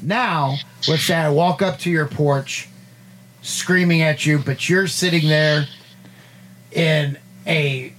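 Talk-show co-host, male, slightly raised voice, rambling and animated, light background hiss. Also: a little high, slow pace. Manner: rambling, animated storytelling with many fillers. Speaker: podcast co-host. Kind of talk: casual chat, storytelling.

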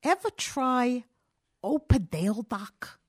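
A woman reading aloud, voicing a gruff, hearty male burglar who talks in loud, brusque slang. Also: mid-range voice, big pitch swings, takes it slowly. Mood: blustering.

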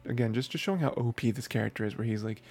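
Male host, mid-pitched, with some fry; chatty, excitable recap delivery. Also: rapid-fire, faint music behind. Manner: rambling, heavy on filler phrases, excitable. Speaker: podcast host. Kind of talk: casual anime episode recap.

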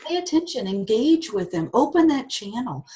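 A woman's voice: fairly high pitch, big pitch swings, normal speed, warm tone. A woman guest who talks with animals, telling a story in a chatty way with frequent "um" fillers. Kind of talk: anecdotal storytelling in an interview.

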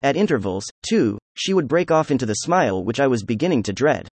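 A man narrating a novel chapter as an audiobook, in a steady, even-paced read. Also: mid-range voice, fairly quick, breathy edge, no echo. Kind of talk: scripted narration.

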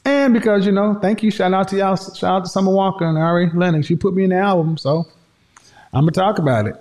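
A man's voice: high-pitched, fast talker, a little mellow. A man talking to his audience in an emphatic, preachy commentary, repeating his points for effect. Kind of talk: opinionated commentary monologue.

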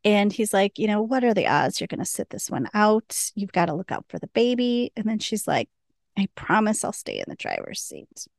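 A woman's voice: mid-range voice, wildly swooping pitch, moderate pace, vocal fry, no echo, studio quality. A woman hosting a podcast, casually recapping a TV episode, laughing often and acting out the lines. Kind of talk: casual chat.

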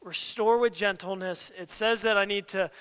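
Bright-voiced man preaching in a reverberant hall. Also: sits high, steady tone, normal speed, clean tone. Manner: conversational, emphatic, acts out quoted dialogue. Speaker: pastor. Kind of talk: sermon.

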